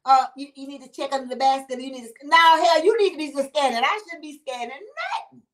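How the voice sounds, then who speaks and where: A high-voiced woman chats on a livestream and answers her viewers. She laughs easily, keeps throwing in exclamations, and talks in an animated, conversational way. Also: brisk. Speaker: livestream host reading comments. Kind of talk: casual livestream chat.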